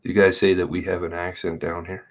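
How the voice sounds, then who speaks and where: A middle-aged man giving casual, sarcastic running commentary on a livestream, blunt and quick to swear. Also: low-pitched, level tone, a little hiss or hum.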